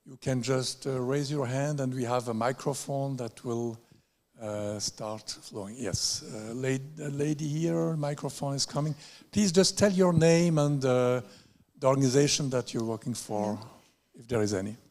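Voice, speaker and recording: Slow, hesitant male moderator. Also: mid-range voice, fairly even intonation, a little mellow. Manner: polite, hesitant, many fillers. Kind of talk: moderating a press conference.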